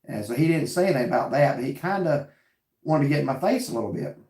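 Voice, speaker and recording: A man's voice: on the high side, lively intonation, fast, mellow, roomy sound. A man hosting a casual chat and telling a story earnestly with quoted back-and-forth dialogue. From North Carolina. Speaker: vlog host reading live chat.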